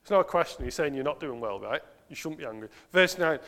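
A man's voice: on the high side, fast, few pauses, fairly bright tone. A man preaching a sermon in an earnest, self-questioning way, asking the congregation rhetorical questions. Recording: long hall reverb.

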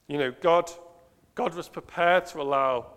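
A man's voice: a little high, unhurried, fairly bright tone, clear, resonant tone. A man preaching a sermon in an earnest, self-questioning way, asking the congregation rhetorical questions. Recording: long hall reverb.

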